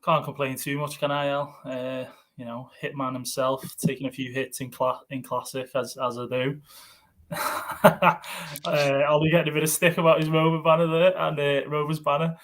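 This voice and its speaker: A man's voice: a little high, little pitch movement, normal speed, fairly bright tone. A man on a casual podcast panel, making modest, joking remarks.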